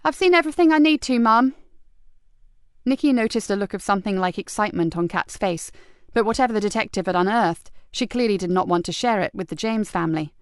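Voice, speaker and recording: A woman narrating a crime novel audiobook in a steady, even read. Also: medium pitch, fast, smooth, no room sound, clean studio sound. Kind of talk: scripted narration.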